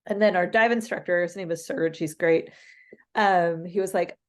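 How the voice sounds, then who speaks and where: A woman's voice: fairly low pitch, moderate pace. A woman co-hosting a podcast, telling a travel story casually with frequent laughs and fillers. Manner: animated, laughs mid-story, many fillers. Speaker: podcast co-host.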